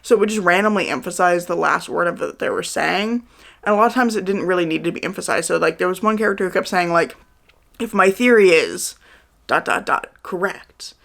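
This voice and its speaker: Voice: mid-range voice, fast, vocal fry, fairly bright tone. A book vlogger around thirty giving a chatty, candid reading wrap-up, with lots of "like" fillers. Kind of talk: casual monthly reading wrap-up.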